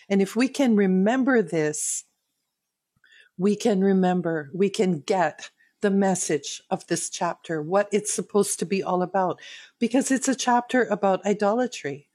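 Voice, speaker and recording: Woman Bible teacher, unhurried and heartfelt, middle pitch, dry close sound. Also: warm tone, slightly rough, dry recording. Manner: slow, earnest, personal devotional tone. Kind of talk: Bible reading and commentary.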